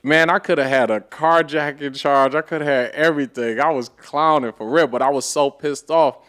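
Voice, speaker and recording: A man's voice: a little high, normal speed, smooth. Slangy, profane man telling stories. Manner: animated, profane street slang. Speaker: podcast guest. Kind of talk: casual storytelling.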